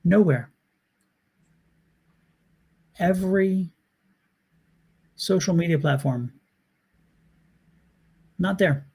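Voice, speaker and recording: A man's voice: sits high, extremely slow, pauses often, dark tone, breathy edge. A man hosting a tarot show, telling a story in a casual chat and animatedly acting out his own thoughts. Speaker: tarot reader and host.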